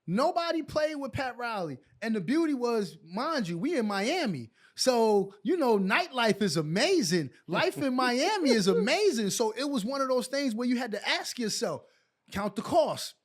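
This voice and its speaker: A man with a very high voice tells a story as an interview guest. He talks in an animated way and acts out the other people's lines himself. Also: normal speed. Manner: animated storyteller acting out quotes. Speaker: guest, former basketball player.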